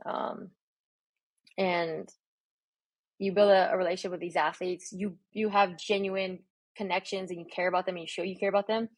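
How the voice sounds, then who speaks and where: Woman coach, podcast guest, lowish voice, dry close mic, animated storyteller. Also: moderate pace, pauses often, no echo. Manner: animated, acts out her own quoted dialogue. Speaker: strength and conditioning coach, guest.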